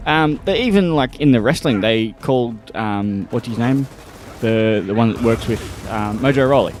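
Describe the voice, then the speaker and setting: A man with an Australian accent joking and swearing in relaxed gaming chat, mic pressed right against his face. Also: mid-range voice, normal speed, a little hiss or hum. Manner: laid-back, swears, jokey. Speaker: gaming podcast co-host. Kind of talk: casual chat over gameplay. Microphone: mic touching his face.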